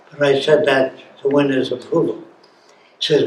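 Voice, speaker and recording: A man's voice: medium pitch, fairly even intonation, moderate pace, a little mellow. A man in his nineties, an interview guest, tells stories emphatically and keeps asking the listener rhetorical questions. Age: over 90. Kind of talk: storytelling in an interview. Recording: roomy with faint noise.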